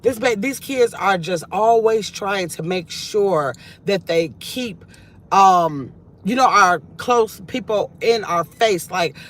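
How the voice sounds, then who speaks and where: A woman's voice: mid-range voice, expressive, slow. A middle-aged grandmother hosting a casual live chat from her car, rambling and reflective as she reads viewer comments aloud. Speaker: livestream host.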